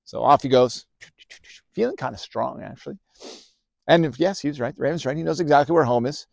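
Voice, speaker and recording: A man tells an improvised animal story in a relaxed, casual voice, pausing with fillers as he goes. His pitch sits in the middle range. The recording is dry and close. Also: vocal fry, no room sound. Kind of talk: improvised children's story narration.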